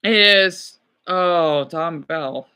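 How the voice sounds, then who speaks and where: A man's voice: a little high, very slow, pushed and bright, clear, resonant tone. A man livestreaming casually, rambling, swearing and apologizing as he answers viewer comments.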